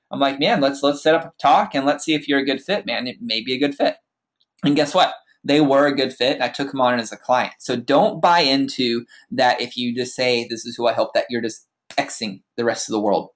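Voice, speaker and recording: On a podcast, a man with a voice on the high side gives an energetic motivational talk as a business coach, repeating phrases for emphasis.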